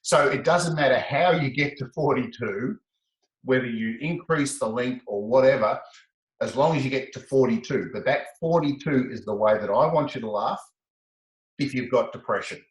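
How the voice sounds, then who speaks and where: A man speaks as a guest in an interview, and his voice carries a roomy echo. He tells stories with energy and acts out the other people in his anecdotes with lively shifts in pitch. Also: normal speed. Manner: expressive, acts out quoted exchanges with rising pitch. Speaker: laughter specialist guest. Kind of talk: animated conversational storytelling.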